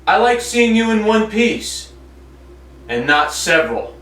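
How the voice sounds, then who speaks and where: A man playing a calm, menacing cartel go-between who makes cold, polite threats. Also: high-pitched, unhurried, slight background noise, full character voice. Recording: roomy sound, mic at a distance.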